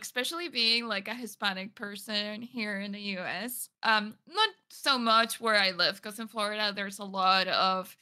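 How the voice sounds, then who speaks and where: A young Venezuelan woman talks in a casual chat, her Spanish accent clear as she rambles through stories with plenty of "like" and "um". Her voice is very bright and sits a little high. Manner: chatty storyteller with frequent fillers and laughs.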